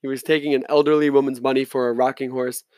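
A man's voice: mid-range voice, flat delivery, quick pace, darkish tone, dry recording. Man reading a novel aloud, dry sound. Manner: plain reading with occasional slips and restarts. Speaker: audiobook reader. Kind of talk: first-person novel narration.

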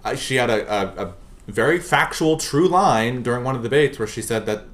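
A man's voice: mid-range voice, lively intonation, a little fast. A man in a casual political podcast chat, earnest and firm in his opinions.

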